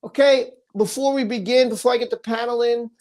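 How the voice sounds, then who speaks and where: A woman's voice: fairly high pitch, fairly even intonation, brisk, darkish tone. A woman hosting a casual livestream, effusively thanking viewers and tumbling over her words. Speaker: livestream host.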